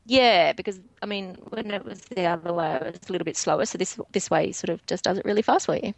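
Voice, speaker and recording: A woman's voice: lowish voice, fast, gravelly, rough recording. A young Australian woman, a podcast guest, chatting casually and laughing often.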